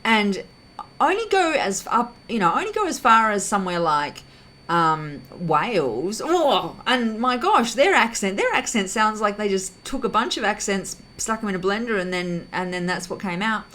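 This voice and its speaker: A woman hosting her own vlog, talking through her thoughts in a rambling, casual way, often correcting herself and filling pauses. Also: medium pitch, expressive, fairly bright tone, low-quality recording. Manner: rambling, self-correcting, heavy use of fillers. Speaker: vlog host. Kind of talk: casual reflective monologue.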